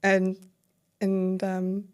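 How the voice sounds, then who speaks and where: A woman speaks as a podcast guest at a mid-range pitch, recounting her own experience candidly. She talks loosely, leaning on fillers and voicing her own past thoughts as little quoted asides. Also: very slow. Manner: animated retelling with quoted inner dialogue, filler-heavy. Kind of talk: candid conversational storytelling.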